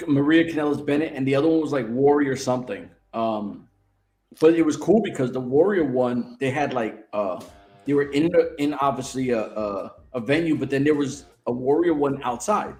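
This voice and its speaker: A man co-hosting a casual wrestling chat show, telling stories in an animated, excitable way with plenty of swearing. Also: mid-range voice, normal speed, echoey room. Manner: animated, profane, excitable storytelling. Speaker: co-host.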